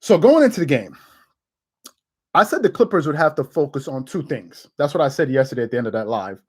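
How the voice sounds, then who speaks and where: A man hosting a casual sports commentary show, animated and laughing, with quick restarts. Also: on the high side, slightly rough. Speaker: host.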